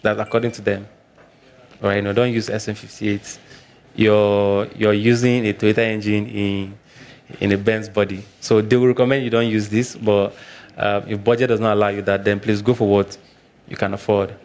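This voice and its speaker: A man's voice: lowish voice, little pitch movement, moderate pace, darkish tone. Nigerian man giving a tech workshop. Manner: repeats points, frequent "all right" check-ins. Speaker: workshop presenter. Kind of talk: live technical presentation.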